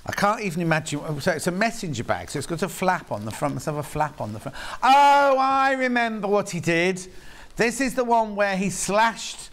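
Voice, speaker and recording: A man's voice: high voice, sing-song, normal speed, fairly bright tone. A man with a British accent presenting on a live shopping channel, chatty and rambling with self-mocking asides, in a TV studio.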